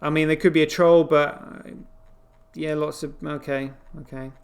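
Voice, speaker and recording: A man's voice: a little high, level tone, normal speed. A man hosting a crypto show, giving casual, incredulous running commentary on what he sees on screen, with frequent exclamations. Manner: exclaiming, incredulous, swearing asides.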